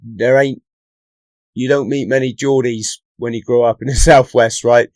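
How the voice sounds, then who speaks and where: With a medium-pitched, fairly even and slightly mellow voice at normal speed, a former Royal Marines commando from England chats to camera with no echo around him. He was born in London and raised in the Southwest, and he hosts a channel where his casual storytelling keeps circling back to "right?"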